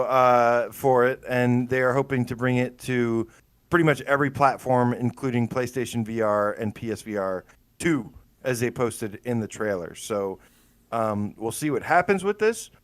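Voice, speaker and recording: A man's voice: medium pitch, no echo. Dry-sounding enthusiastic podcast co-host man. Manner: rambling, enthusiastic storytelling with many fillers. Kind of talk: casual gaming podcast chat.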